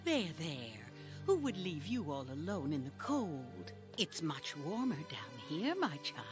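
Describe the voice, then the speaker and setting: Doting, aged-sounding mother in a cartoon dub; slow and gentle, with music under her. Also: low-pitched, very animated. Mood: tender. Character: kindly elderly-sounding mother, soft and doting.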